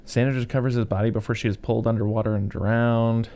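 A man's voice: mid-range voice, little pitch movement, fast talker, warm tone. A man co-hosting a casual podcast chat, recapping movie plots in a rambling way with many fillers. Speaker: podcast co-host.

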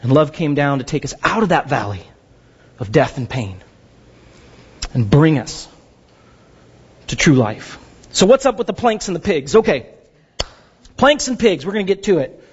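Lively, high-pitched joking pastor. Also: male voice, normal speed, pauses often, slightly rough, long reverb tail, lo-fi sound. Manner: animated and joking, acts out quoted voices. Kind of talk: sermon.

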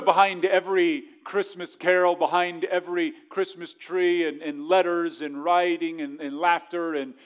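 A male pastor preaching a sermon fervently, dropping to a hush and then rising to emphatic points. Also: high voice. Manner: mocking voices of others in quick asides.

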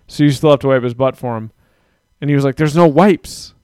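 A man's voice: mid-range voice, steady tone, fast talker, darkish tone, clean tone, no room sound, clean studio sound. A man in his thirties, a father of young kids, rambling through a casual story with lots of swearing. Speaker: podcast co-host. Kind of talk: casual chat.

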